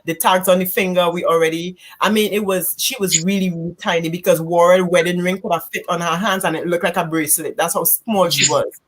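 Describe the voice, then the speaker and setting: A woman, a guest giving a candid personal testimony in a church couch conversation, halting and emotional. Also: on the low side, steady tone. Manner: halting, emotional, re-enacts quoted speech loudly.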